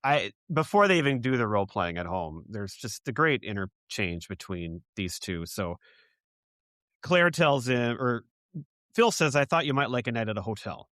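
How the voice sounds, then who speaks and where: A man co-hosting a casual podcast chat, calmly recounting plot points. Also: medium pitch, normal speed, dry recording, studio quality. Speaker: podcast co-host.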